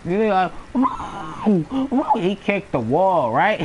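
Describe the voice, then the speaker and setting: A man's voice: high-pitched, animated, slow, background noise. A young man telling personal stories in a casual, slangy way, often laughing and acting out the sounds of what happened. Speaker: storyteller. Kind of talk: casual storytelling.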